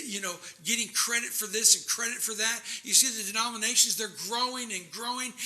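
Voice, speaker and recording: Bright, impassioned man preaching a sermon. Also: sits high. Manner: dramatic swings from quiet asides to loud impassioned scripture reading.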